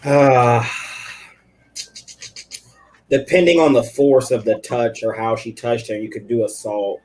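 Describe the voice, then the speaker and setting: A man calmly explaining legal points in a casual discussion. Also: medium pitch, low-quality recording. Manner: explanatory, measured. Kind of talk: casual chat.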